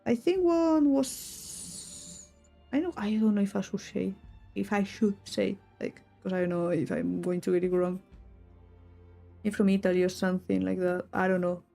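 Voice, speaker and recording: A woman's voice: mid-range voice, normal speed, gravelly, mellow, soft background music. A young woman from Spain with a Spanish accent, chatting casually to her stream in English while she draws, rambling and breaking off mid-thought with little giggles. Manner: rambling, self-interrupting, giggly asides.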